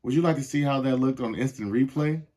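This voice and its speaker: A man's voice: mid-range voice, brisk, a little mellow, lightly acted. A man voicing a bossy, teasing cartoon girl in a storybook reading, with a sly sing-song manner.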